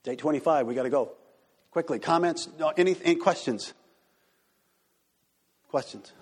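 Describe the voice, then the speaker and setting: A man pastor teaching a church group and taking questions, animated and acting out quoted voices. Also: on the high side, normal speed, breathy edge. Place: church hall. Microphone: handheld microphone. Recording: reverberant hall.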